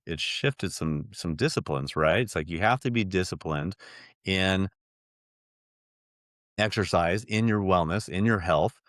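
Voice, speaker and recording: A middle-aged man with a very low, deep voice tells his story as a podcast guest. He speaks earnestly and rambles a little, restarting sentences often. The recording is close and dry, with no room sound. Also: fairly bright tone, no echo. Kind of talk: personal storytelling in an interview.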